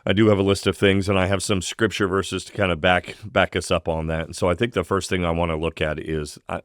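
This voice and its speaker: Deep-voiced earnest man, dry studio sound. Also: level tone, dry recording. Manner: earnest, measured, reads scripture aloud. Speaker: podcast co-host. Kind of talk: faith-based casual discussion.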